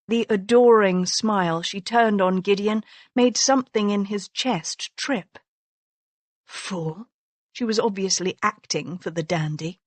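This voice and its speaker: A woman reads a novel aloud as audiobook narrator, in a measured, even way. Her pace is slow and unhurried. The sound is close and dry, with no room around it. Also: medium pitch, no room sound. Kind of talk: scripted narration.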